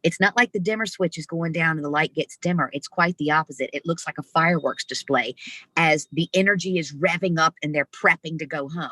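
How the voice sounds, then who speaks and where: A woman with a lowish, bright voice tells a story with lively expression. Her voice is recorded close and dry over a video call. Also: a little fast, no echo. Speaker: interview guest. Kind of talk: storytelling in conversation.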